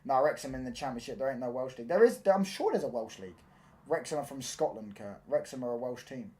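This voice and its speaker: A young man chatting casually on a football live stream, animated and full of slang. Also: mid-range voice, fast. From London. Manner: animated, slangy, repeats "do you get what I'm saying".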